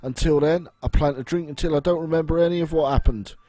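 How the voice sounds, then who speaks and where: A man's voice: mid-range voice, animated, a little slow, warm tone, slightly rough, no room sound, soft background music. A man voicing a frightened male former guard who has fled, reading the lines in a jittery, pleading way.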